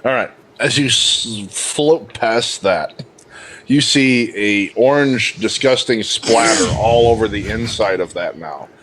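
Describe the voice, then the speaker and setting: Low-voiced man running a tabletop game. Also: slow pace, fairly bright tone, slight background noise. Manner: laughs often, teasing. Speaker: game master.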